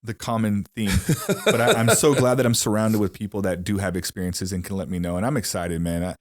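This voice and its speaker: A young man hosting a casual podcast chat, quick and agreeable. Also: lowish voice, fairly even intonation. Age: young adult. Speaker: podcast host.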